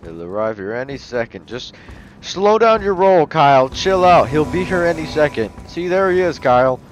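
A young man giving excitable, joking let's-play commentary, often yelling. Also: a little high, normal speed, a little hiss or hum. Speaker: gaming youtuber. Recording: loud game music behind.

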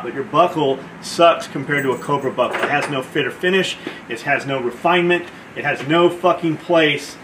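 A man's voice: on the high side, normal speed, reverberant, distant mic, noisy background. A man running a gear shop, ranting bluntly and with swearing about a product. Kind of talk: ranting casual talk.

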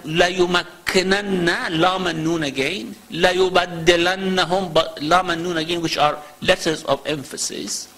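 Guy giving a religious lecture, fairly high voice, chants arabic verses fast. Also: pushed and bright, husky, poor audio. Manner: explains slowly, recites Arabic verses in quick chant. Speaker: Islamic lecturer.

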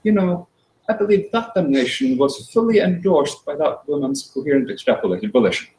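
A man voicing a sly, smooth-talking male devil in a told folk tale, with a mild, bargaining manner. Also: a little high, expressive, fairly quick, darkish tone, distant mic, voice pushed up, close to an everyday voice. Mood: persuasive. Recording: roomy echo.

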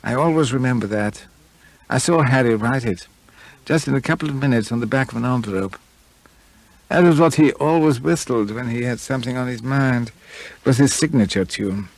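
A man's voice: medium pitch, moderate pace, voice pushed up, natural voice. A man voicing a hot-tempered, drunken male writer who blusters and grows indignant in a spoken storybook reading. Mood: fond. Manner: blustering, indignant, rising to shouts.

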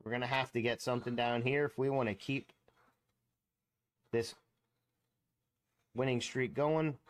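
Man, excitable, casual scratch-off commentary, counts numbers aloud, mid-pitched voice. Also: unhurried. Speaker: lottery scratch-off channel host.

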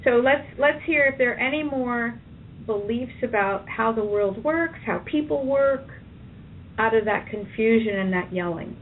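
A woman practitioner calmly guiding a client through a tapping session, giving phrases to repeat. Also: on the high side, unhurried, slight background noise. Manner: calm, directive, leads phrases to repeat. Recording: tinny phone line from a distance.

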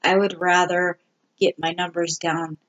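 A vlogger giving a candid personal update, talking slowly and haltingly with many ums and restarts. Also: medium pitch, flat delivery, a bit bright. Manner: candid and self-deprecating. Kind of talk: casual personal health update.

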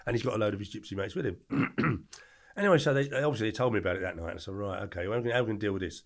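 An older man, telling colourful anecdotes as a podcast guest in an animated, slangy way. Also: on the low side, very fast, creaky. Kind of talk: storytelling interview.

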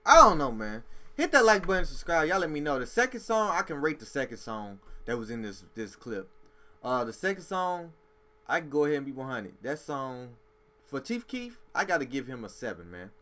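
A man's voice: mid-range voice, brisk. A man hosting a music reaction video, giving blunt, emphatic opinions in casual street slang. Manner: animated, emphatic street slang, says "bro" often.

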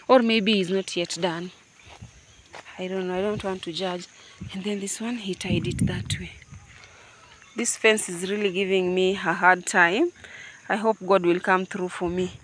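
A woman's voice: fairly low pitch, steady tone, normal speed, a little hiss or hum. A woman with a Kenyan accent, chatting playfully to her viewers outdoors at a home building site. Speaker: vlogger. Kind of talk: casual vlog chat.

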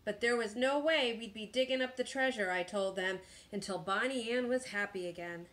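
A woman teacher reading a picture book aloud in a slow, expressive storytime manner. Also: fairly high pitch.

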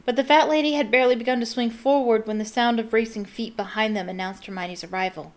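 A woman fan reading a storybook aloud with expressive, chatty asides. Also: on the high side, fast. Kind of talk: casual read-aloud with commentary.

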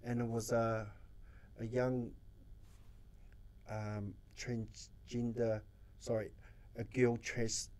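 A man's voice: medium pitch, little pitch movement, very slow, long pauses, darkish tone. A New man, a social worker, telling stories in a casual interview, acting out his own quotes and swearing freely. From New Zealand.

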